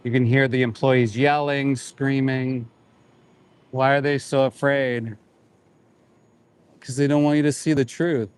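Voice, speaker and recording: Somber slow-talking man outdoors. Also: mid-range voice, steady tone, smooth. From Canada. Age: 40s. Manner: somber, indignant, repeating short phrases. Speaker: animal rights activist livestreaming. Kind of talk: live outdoor commentary. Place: outdoors by a roadside.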